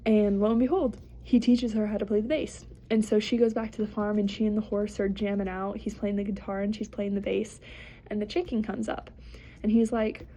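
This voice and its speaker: A woman's voice: medium pitch, flat delivery, fairly quick, dark tone. A young woman, a podcast co-host, telling a long rambling joke with lots of fillers and acting out the characters' lines in her own voice.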